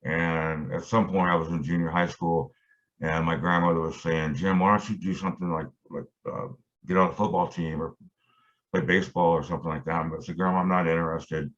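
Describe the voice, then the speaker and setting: Low-voiced man rambling through a story. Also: steady tone, brisk, a bit bright. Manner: rambling, many fillers and restarts. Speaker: guitarist guest. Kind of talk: casual storytelling interview. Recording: dull lo-fi audio.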